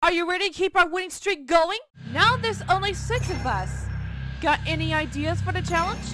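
A woman's voice: very high voice, animated, normal speed, loud music behind the voice. A woman in her twenties playing an upbeat, bossy young team leader on a cartoon survival show, peppy and commanding as she rallies her team. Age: 20s. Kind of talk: cartoon dub acting.

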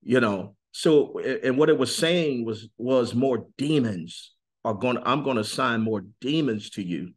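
A man giving an earnest, intense testimony in a sit-down interview, slowing on key words and rising suddenly in pitch and volume. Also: animated, breathy edge. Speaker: interview guest.

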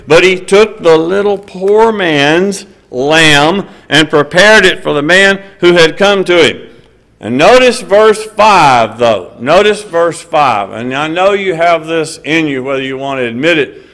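Emphatic preacher, man with raised pitch. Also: a bit bright, low-quality recording. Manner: emphatic, hesitant "uh" fillers, banter with the audience. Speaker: preacher at a lectureship. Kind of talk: conversational sermon with scripture reading.

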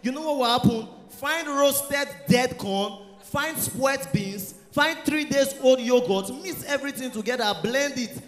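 A man with a Nigerian Pidgin accent doing a loud, animated stand-up set, mixing Pidgin and English. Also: extremely high pitch, a little slow, few pauses, faint music behind. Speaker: stand-up comedian. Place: church hall stage. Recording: echoey hall with long reverb.

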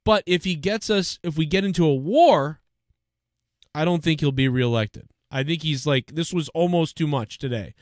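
A man's voice: fairly high pitch, normal speed, no room sound, studio quality. A man hosting a live stream, ranting heatedly and swearing as he scolds and mocks. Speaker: live show host. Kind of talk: profane live-stream rant.

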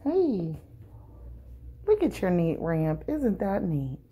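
A middle-aged woman, vlogging casually and cooing at cats in a high sing-song voice while talking through a face mask indoors. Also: sing-song, slow, mellow, slightly rough. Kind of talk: casual vlog chat. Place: indoor cat shelter room. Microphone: handheld camera, talking through a face mask.

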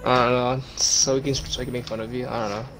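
A man in casual gaming chatter with friends, excitable and clowning around, talking loudly. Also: medium pitch, fast talker, low-quality recording. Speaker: gamer playing with friends. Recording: game music playing underneath.

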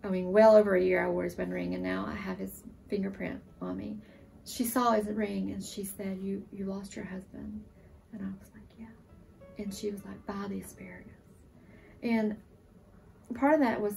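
A woman in her forties, a surviving military spouse, giving an emotional, earnest testimonial, sometimes halting. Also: mid-range voice, vocal fry, darkish tone, recorded from a distance. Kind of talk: testimonial interview.

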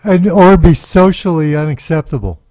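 A man's voice: on the high side, normal speed, warm tone, no room sound. A man hosting a casual conversation, often affirming his guest with short replies. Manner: brief affirming interjections. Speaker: host.

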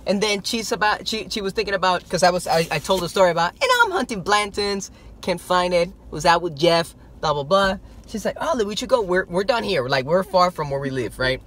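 A man vlogging casually, telling a story in an excitable, animated way, with some stammering. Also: sits high, brisk, slight background noise. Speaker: toy-hunting vlogger.

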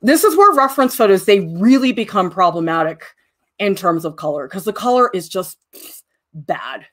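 A woman's voice: medium pitch, expressive, normal speed. A middle-aged woman teaching a live drawing demo, chatty and self-deprecating, often laughing at herself. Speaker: art teacher.

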